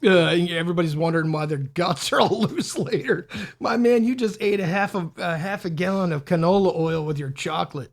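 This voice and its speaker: Man, podcast co-host, somewhat high voice, casual chat, loud, laughing. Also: fairly quick, vocal fry.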